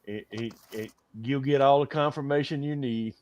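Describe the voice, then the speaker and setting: A man's voice: medium pitch, steady tone, moderate pace, a little mellow. Man in a group call, teasing and chuckling, mid-range voice. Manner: teasing, laughs often. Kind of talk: casual group chat.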